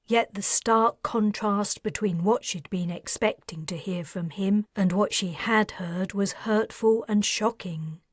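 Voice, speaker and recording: Woman author-narrator, measured storytelling, mid pitch, dry booth. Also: no echo. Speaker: author narrating her audiobook. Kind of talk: scripted narration.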